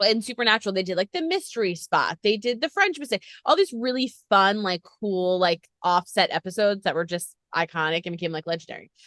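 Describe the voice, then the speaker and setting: A woman's voice: mid-range voice, lively intonation, a little fast, few pauses, a bit bright, no room sound, clean studio sound. A woman interviewing a guest over a video call, chatty and rambling. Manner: chatty, rambling, lots of fillers. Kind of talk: casual interview chat.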